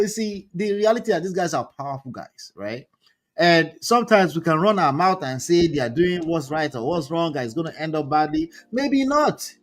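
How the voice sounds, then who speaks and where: Chatty man hosting commentary. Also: a little high. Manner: chatty, reads out posts and reacts with asides. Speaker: relationship commentary host. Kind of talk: casual live-stream commentary.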